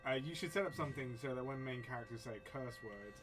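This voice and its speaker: A man's voice: medium pitch, quick pace. A man co-hosting a game stream, making joking asides and reading out chat messages. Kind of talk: casual live-stream banter. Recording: game music under the voice.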